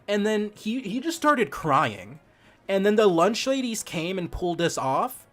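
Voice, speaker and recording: A man's voice: high-pitched, sing-song, a little slow, a bit bright. A young man streaming a game and telling a childhood story in a rambling, profane way, laughing as he goes. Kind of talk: casual storytelling while gaming.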